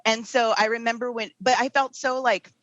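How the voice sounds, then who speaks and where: A woman's voice: on the high side, steady tone, moderate pace, fairly bright tone, dry recording, muffled recording. A woman in her thirties, a guest on a podcast, speaking candidly and at length with laughs between thoughts. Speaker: guest, TV producer and mother. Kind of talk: casual interview chat.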